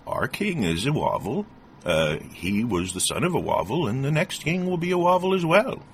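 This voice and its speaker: A kindly old woman at a village well, as a man puts her on, in a gently raised voice. She talks plainly and matter-of-factly, the way an elder in a storybook would. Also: medium pitch, very animated, moderate pace, a little hiss or hum, pitched above the performer's own voice.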